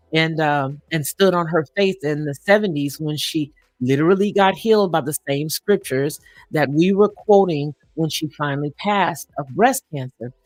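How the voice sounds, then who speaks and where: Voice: mid-range voice, no echo. A live-stream host telling a personal story in a reflective way, often chuckling and using fillers.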